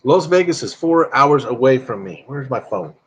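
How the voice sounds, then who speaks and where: A man chats loosely through a live stream, drifting between topics and reading viewer comments aloud. His talk is friendly and unhurried, with a voice of ordinary middle pitch. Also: animated, lo-fi sound, slight background noise. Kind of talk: casual live-stream chat.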